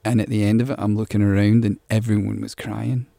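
A man's voice: lowish voice, little pitch movement, a little fast, gravelly, mellow, no echo. A man being interviewed as a musician, talking casually and rambling, repeating words as he thinks. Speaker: musician guest.

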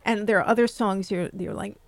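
A woman's voice: mid-range voice, brisk, no room sound. A woman hosting a radio interview session, chatty and thinking aloud as she frames her questions. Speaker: radio host.

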